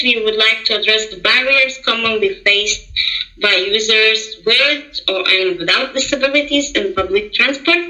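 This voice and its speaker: A woman's voice: medium pitch, pushed and bright, reverberant, low-quality recording. A woman, a podcast guest giving earnest, explanatory interview answers and sometimes searching for words. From Lithuania. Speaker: podcast guest, project coordinator.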